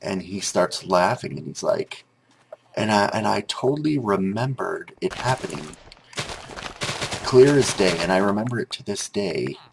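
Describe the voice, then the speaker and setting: A man's voice: fairly low pitch, lively intonation, unhurried, vocal fry, a little hiss or hum. A grown man telling a rambling story over gameplay commentary, with frequent restarts and filler words. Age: adult.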